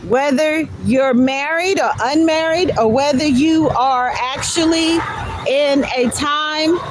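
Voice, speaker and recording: A woman hosting a live stream, reading song lyrics aloud and then slowly explaining their message in an earnest way. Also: high voice, noisy background. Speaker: livestream host. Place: outdoors or near a road, truck passing. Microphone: phone livestream.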